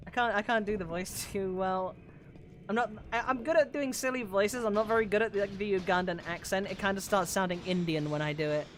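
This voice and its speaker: A woman streaming a video game live, chatting casually, swearing often and breaking into loud outbursts. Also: mid-range voice, brisk. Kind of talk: casual live gameplay commentary.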